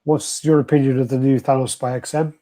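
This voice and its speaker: A man's voice: mid-range voice, little pitch movement, brisk, dark tone, low-quality recording. Chatty, teasing man hosting. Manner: teasing, chatty, asks questions. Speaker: host. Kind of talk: casual livestream chat.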